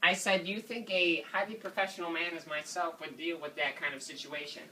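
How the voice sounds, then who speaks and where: A man's voice: a little high, fairly even intonation, brisk, sharp tone. A man doing a fussy indignant father on a prank call. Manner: rambling, indignant, keeps saying sir. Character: fussy indignant father complaining to a store manager. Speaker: prank caller. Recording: distant mic with faint noise.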